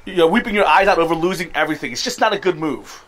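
A man's voice: fairly high pitch, fast talker, fairly bright tone. A man preaching a sermon to his congregation, conversational and emphatic, sometimes laughing at himself. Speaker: pastor. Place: church service.

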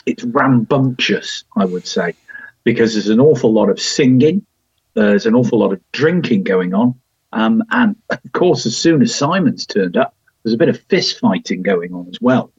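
A man's voice: mid-range voice, animated, normal speed, slightly rough, no echo. A man hosting a casual review podcast, chatty and wry, with plenty of ums and restarts. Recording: dry, slightly dull home recording.

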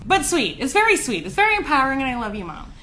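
Bright-voiced woman telling animated stories. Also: high voice, fast talker, a little hiss or hum. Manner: animated, profane, laughs often. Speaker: podcast co-host. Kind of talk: casual chat, storytelling.

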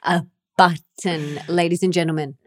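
A woman's voice: on the low side, steady tone, moderate pace, dry recording, clean studio sound. A woman hosting a podcast with her husband, teasing him playfully and laughing as she chats. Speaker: podcast host. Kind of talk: casual podcast chat.

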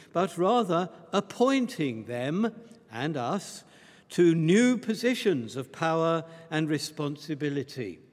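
A man preaching a sermon at a slow, deliberate pace. His voice sits fairly high for a man, and each point comes out emphatic and measured. Long reverb trails after his words, as in a large church hall.

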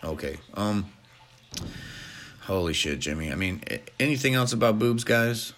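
A man's voice: fairly low pitch, lively intonation, moderate pace, fairly bright tone. A man hosting a crude comedy podcast, offhand and full of swearing and fillers. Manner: profane, offhand, hesitant fillers. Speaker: podcast host.

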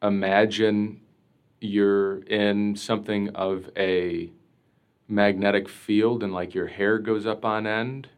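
A priest being interviewed, telling a personal story in an earnest, reflective way, full of casual fillers. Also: male voice, lowish voice, little pitch movement, slow, clean tone.

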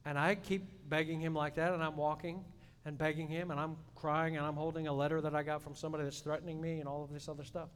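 A man preaching a sermon in a church, swinging between loud emphatic peaks and soft hushed asides. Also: flat delivery, fast, few pauses, clear, resonant tone. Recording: long hall reverb, faint rumble.

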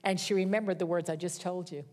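Middle-aged female preacher, earnest and emphatic, lowish voice, sermon delivery. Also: fairly even intonation, quick pace, a little mellow. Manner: earnest, storytelling with emphatic repetition.

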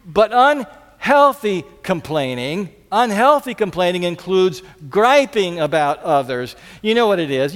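A high-voiced man preaches a sermon as pastor, earnest and fond of repeating his key lines. He sometimes drops to a soft, pleading tone. His voice rings with the long reverb of a large hall.

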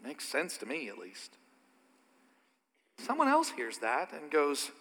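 A man preaching with a high, bright, forceful voice that carries through a reverberant church hall. He drops into quiet, conversational asides and then builds to loud, emphatic declarations. The long reverb trails after each phrase. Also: huge pitch swings, unhurried, pauses often. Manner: dynamic preaching, swings from soft asides to loud emphatic peaks. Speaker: pastor. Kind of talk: sermon.

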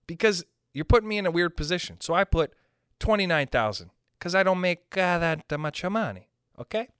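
A young man from Canada doing a rambling, profane stand-up monologue, pushing his pitch up and down for emphasis. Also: a bit bright, clean tone, dry recording, studio quality. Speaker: stand-up comedian.

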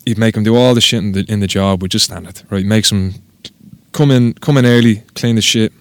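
A man's voice: on the low side, brisk, no room sound. An Irish man, a tattoo artist, telling stories in a casual interview, rambling and swearing freely. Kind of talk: casual podcast interview storytelling.

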